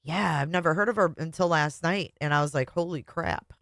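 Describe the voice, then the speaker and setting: Woman, middle-aged, live stream host, casual and profane, low voice, dry close sound. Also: a little fast, vocal fry, a bit bright, dry recording. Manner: blunt and profane, chatty. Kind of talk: casual live stream chat, reading comments.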